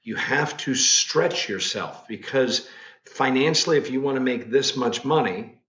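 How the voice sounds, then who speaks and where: A man's voice: mid-range voice, expressive, measured pace, fairly bright tone. A man in his sixties, a guest in casual chat, telling stories bluntly. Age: 60s. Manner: blunt storyteller. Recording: roomy, dull lo-fi sound.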